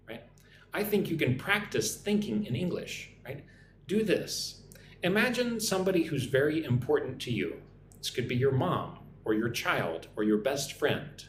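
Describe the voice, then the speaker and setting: A man from the United States teaching English on a live stream, explaining words slowly and checking in with "right?" after each point. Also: mid-range voice, big pitch swings, echoey room, slight background noise.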